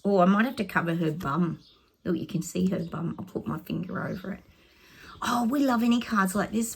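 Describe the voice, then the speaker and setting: A woman talking casually to viewers as a psychic vlogger. She chats excitably while pulling oracle cards and often calls her audience "guys". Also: medium pitch, fairly quick, vocal fry, breathy edge. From Australia. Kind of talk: casual oracle card reading to camera.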